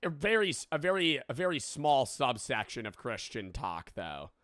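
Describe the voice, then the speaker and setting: A man's voice: medium pitch, very animated, normal speed, fairly bright tone, no room sound, clean studio sound. A man in his twenties reacting to a video, rambling and swearing with laughing asides. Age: 20s. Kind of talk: casual reaction commentary.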